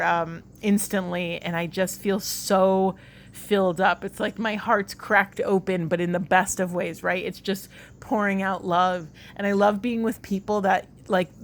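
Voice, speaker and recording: A woman giving a spiritual card reading to viewers, talking in an earnest, rambling and emotional way. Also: mid-range voice. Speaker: tarot card reader.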